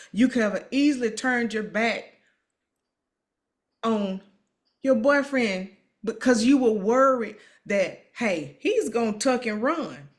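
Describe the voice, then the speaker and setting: A woman hosting an emotional interview, encouraging and repeating herself as she talks. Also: fairly high pitch. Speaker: host. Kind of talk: emotional live-stream interview.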